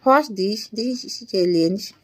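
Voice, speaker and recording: An Indian English tutor in her twenties, medium-pitched, reads short practice sentences one at a time, slowly and deliberately, with small laughs. The recording is rough.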